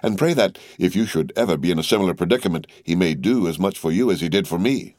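A man's voice: deep voice, animated, quick pace, a little mellow, dry recording, studio quality. A man voicing an effusive, dashing male aristocrat of about thirty. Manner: effusive, grand.

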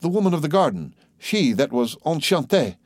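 A man voicing an agitated, fearful male servant who speaks in halting exclamations. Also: on the high side, sing-song, no room sound, clean studio sound, voice pushed up. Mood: alarmed.

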